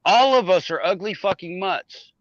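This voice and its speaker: A man's voice: high voice, lively intonation, moderate pace, no echo. A man joining a livestream chat, making blunt, crude remarks. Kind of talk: casual chat. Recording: dull, dry remote audio.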